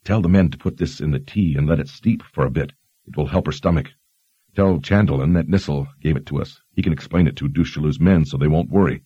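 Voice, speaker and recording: A man's voice: rumbling low, brisk, warm tone, husky, dry recording, highs cut off. A man voicing a curious young male traveller who asks questions and gives practical instructions. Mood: instructing.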